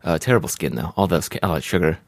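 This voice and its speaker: A man's voice: low-pitched, lively intonation, quick pace, no echo, studio quality. A man chatting casually over lunch, rambling and stammering as he jokes about his order. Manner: rambling, stammering, self-mocking.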